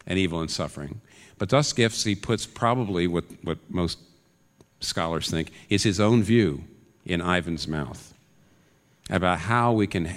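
A man preaching a sermon in an earnest way, his voice climbing into urgent questions. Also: low-pitched. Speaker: pastor. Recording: long reverb of a large hall.

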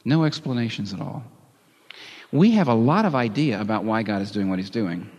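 Animated preacher guy, voice bouncing all over, big echoey church hall. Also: lowish voice, moderate pace. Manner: lively, dramatic, reads scripture with emphasis and chuckles. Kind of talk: sermon. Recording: long hall reverb.

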